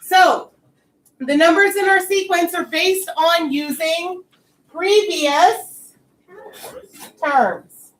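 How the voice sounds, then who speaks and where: A woman's voice: very high-pitched, very slow, long pauses, fairly bright tone. A woman teaching a math class, explaining each step patiently, recorded from across an echoey classroom. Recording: echoey classroom, far mic.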